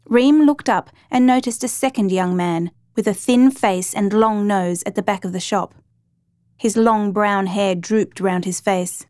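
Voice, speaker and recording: A woman narrating a true crime story in a steady, measured reading voice. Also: mid-range voice, no echo.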